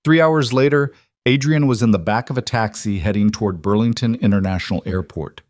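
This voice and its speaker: A male narrator reads a dramatic story in a steady, even manner. His voice sits on the low side and is recorded dry and close, with no room sound. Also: fairly quick, no echo.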